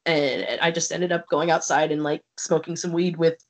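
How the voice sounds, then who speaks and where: Woman podcast guest, low-ish voice, blunt and profane storyteller. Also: fairly even intonation, moderate pace. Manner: candid, swears freely, acts out quoted people.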